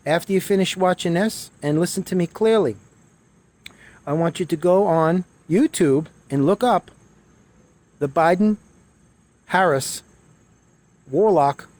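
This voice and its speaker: Emphatic higher-voiced man preaching to camera. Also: slow pace, long pauses, darkish tone. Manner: emphatic, urgent, repeats himself for emphasis. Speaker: spiritual video creator.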